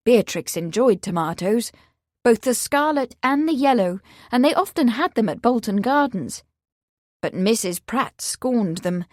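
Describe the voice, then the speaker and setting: A woman narrating an audiobook in a measured, even storytelling manner. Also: a little high, no echo, clean studio sound. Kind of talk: scripted narration.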